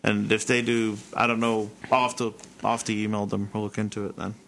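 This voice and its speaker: A man co-hosting a podcast who teases and cracks quick jokes. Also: lowish voice, level tone, creaky, a bit bright. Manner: teasing, quick wisecracks. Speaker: podcast co-host. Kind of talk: joking banter.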